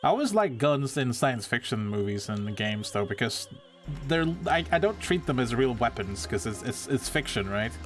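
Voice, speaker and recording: A man's voice: medium pitch, very animated, normal speed, soft background music. A man casually chatting and rambling while streaming a video game, often restarting his sentences. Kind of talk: casual live game commentary.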